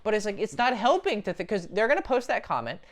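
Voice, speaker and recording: A man's voice: high-pitched, very animated, fast talker, a bit bright. A young man giving dating advice as a coach, blunt and profane, talking straight to the viewer in a casual monologue.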